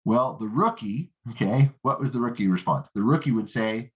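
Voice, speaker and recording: A man's voice: animated, moderate pace, hardly any pauses. A man teaching a network marketing lesson, confident, often checking in with "right?" and "okay?". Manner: confident, acts out rookie and prospect lines in higher voice; peppers talk with "right?" and "okay?". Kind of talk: coaching lesson.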